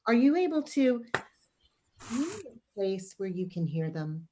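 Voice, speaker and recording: A woman reading the part of a firm, measured community center executive in a video-call play reading. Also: medium pitch, big pitch swings, dark tone, slight background noise. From Northern Virginia.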